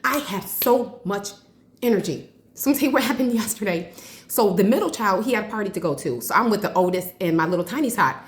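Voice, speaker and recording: A woman in her forties chatting casually to her viewers, an excitable storyteller who calls them y'all. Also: medium pitch, fast. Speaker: vlogger. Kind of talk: casual chat to camera. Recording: roomy echo.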